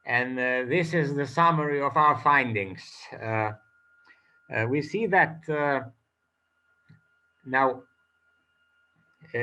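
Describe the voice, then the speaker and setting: A man giving an academic conference talk as a presenter, speaking haltingly with many filler pauses. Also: mid-range voice, bright, forceful tone, poor audio.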